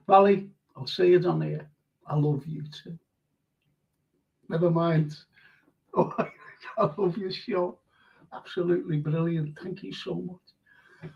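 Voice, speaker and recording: Older male host, slow and high-voiced, chatty and emotional reading viewer comments; slightly muffled stream audio. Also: fairly even intonation, vocal fry, darkish tone. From England. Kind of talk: live fan-show chat reading comments.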